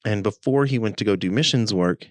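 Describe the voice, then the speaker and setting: Lively storytelling man, low voice. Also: fairly quick, dry recording. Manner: animated, acts out quoted speech. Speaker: podcast co-host. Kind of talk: casual storytelling chat.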